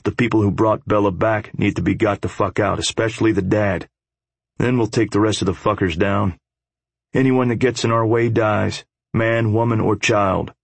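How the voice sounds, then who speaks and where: A man's voice: lowish voice, fairly even intonation, normal speed, creaky, no echo, voice pushed up. A man voicing a blunt, profane biker leader. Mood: resolute. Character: blunt tough biker man, takes the lead.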